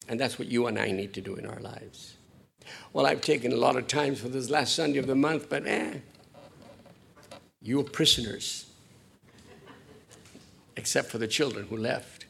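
A middle-aged man preaching a sermon in a church, conversational and warm to the congregation, often repeating words and dropping in short Spanish phrases. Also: medium pitch, moderate pace, creaky, pauses often, slightly rough. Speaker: pastor.

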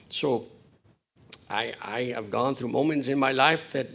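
Gravelly-voiced pastor preaching. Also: male voice, mid-range voice, unhurried, pauses often, a bit bright. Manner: conversational, repeats words, code-switches to Spanish phrases. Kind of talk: sermon. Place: church.

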